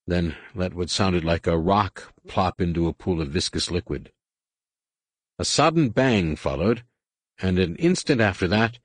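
Husky male audiobook narrator, low voice. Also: no room sound. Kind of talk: scripted narration.

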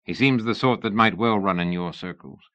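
A man voicing a pompous, sullen middle-aged gentleman who speaks huffily, in an audiobook reading. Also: lowish voice, moderate pace, no room sound, lo-fi sound, lightly acted. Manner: pompous, huffy.

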